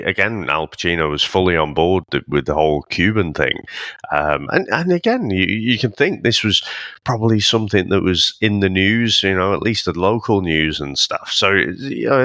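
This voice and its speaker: A man's voice: low voice, pushed and bright, no room sound. A man co-hosting a podcast, chatting casually about films with laughs and mild swearing. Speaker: podcast co-host. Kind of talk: casual film chat.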